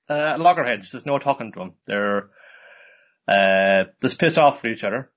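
A man's voice: mid-range voice, expressive, moderate pace, fairly bright tone. A man hosting a casual podcast chat, rambling through a recap with lots of fillers. His speech is loose and profane. The audio is dull and lo-fi. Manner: rambling, full of fillers, swearing, laughing. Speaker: podcast host.

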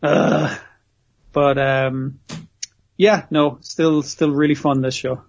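A man's voice: medium pitch, level tone, slow, muffled recording. A man co-hosting a podcast, rambling through an episode recap with constant swearing and frequent laughs. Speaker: podcast co-host. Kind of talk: casual chat recapping an episode.

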